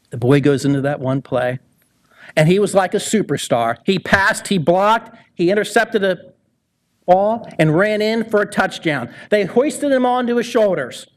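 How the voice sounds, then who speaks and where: Male ceremony speaker, dramatic storyteller, slightly high voice. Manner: dramatic, pausing storyteller with swings in pitch. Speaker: son introducing a hall of fame inductee. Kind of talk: storytelling speech at an induction ceremony. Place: ceremony hall.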